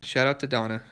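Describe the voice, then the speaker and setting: A man's bright, forceful voice in a casual live stream from a car workshop. He reads viewer comments aloud and answers in a relaxed, chatty way, chuckling now and then. His pitch sits in the middle for a man. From Southern United States. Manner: chatty, laid-back, chuckles between comments. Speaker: car restoration YouTuber. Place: garage workshop.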